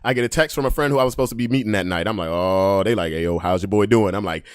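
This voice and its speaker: A man, the host of a podcast, telling a story with great energy, acting out voices and swinging from hushed asides to yelling. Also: fairly low pitch, very fast, clear, resonant tone, dry recording, studio quality.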